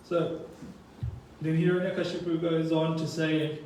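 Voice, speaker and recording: Guy preaching in a temple, kinda high voice, roomy echo, faint room noise. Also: steady tone, measured pace, a little mellow. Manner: reads scripture aloud and explains it. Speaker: temple speaker. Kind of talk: sermon. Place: temple hall. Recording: echoey temple hall, from far off.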